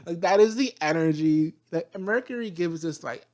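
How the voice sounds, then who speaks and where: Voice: medium pitch, moderate pace, hardly any pauses, darkish tone. A video reviewer giving a casual spoken review, chatty and full of slangy asides, laughing often. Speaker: video reviewer of an animated series.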